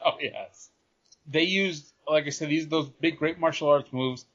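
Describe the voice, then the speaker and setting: A man's voice: a little high, measured pace, a bit bright, muffled recording. A man co-hosting a podcast, chatting casually and dropping dry, sarcastic asides. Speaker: podcast co-host. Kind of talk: casual wrestling recap chat.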